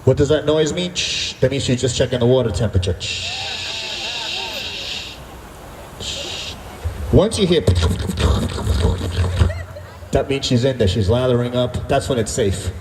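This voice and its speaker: A man doing stand-up comedy at an outdoor concert, telling animated stories and bantering with the crowd. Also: medium pitch, a little fast, long pauses, background noise. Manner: animated storytelling, acting out dialogue with the crowd. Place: outdoor stage at a summer concert. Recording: echoey outdoor PA sound from far off.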